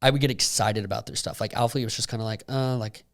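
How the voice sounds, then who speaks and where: A young man co-hosting a casual podcast, talking in a rambling way with lots of fillers and getting animated when he retells a story. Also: fairly low pitch, racing, gravelly. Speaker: podcast co-host. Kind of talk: casual chat.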